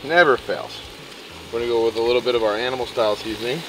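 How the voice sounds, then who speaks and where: A man chatting casually as he cooks outdoors, explaining each step in a relaxed way. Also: medium pitch, fast, distant mic, noisy background. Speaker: outdoor cooking vlogger. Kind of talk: casual cooking narration. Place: outdoors at a campsite.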